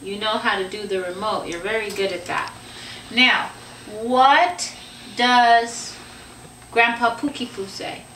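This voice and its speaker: A woman's voice: a little high, fairly even intonation, slow pace, a bit bright, a little hiss or hum. A young woman, a parent, patiently quizzing her small child on animal sounds in a home video, in a sing-song questioning way. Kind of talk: home video, coaxing a toddler. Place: home living room. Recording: roomy home camcorder sound from a distance.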